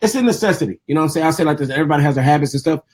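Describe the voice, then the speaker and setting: A man's voice: fairly high pitch, lively intonation, very fast. A man hosting a radio interview, asking long rambling questions full of restarts and "you know what I'm saying". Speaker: radio host and DJ.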